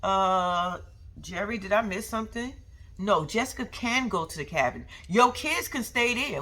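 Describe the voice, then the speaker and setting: A woman's voice: medium pitch, animated, a little slow, pushed and bright. A young woman recapping a reality show in a sassy, slangy way, talking back to the people on it and making frequent asides to her viewers. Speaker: vlogger.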